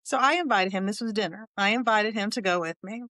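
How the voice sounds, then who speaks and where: A woman's voice: mid-range voice, quick pace, sharp tone, no echo. A woman in her sixties hosting a podcast, telling a dating story in a humorous, candid way, with chatty asides and frequent laughter. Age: 60s. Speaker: podcast host.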